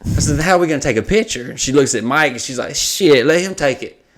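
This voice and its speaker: A man, a comedian and podcast host, telling a profane, animated story in casual chat. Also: medium pitch, fast talker.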